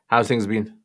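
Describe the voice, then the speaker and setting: A man with a Birmingham accent talks loosely to his livestream audience, answering their questions one after another. His voice sits a little low, and he sprinkles his speech with Arabic greetings and blessings. The delivery is conversational and unscripted. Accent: Birmingham English. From England. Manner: chatty, greets viewers warmly by name, mixes in Arabic phrases. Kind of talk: casual livestream chat reading viewer questions.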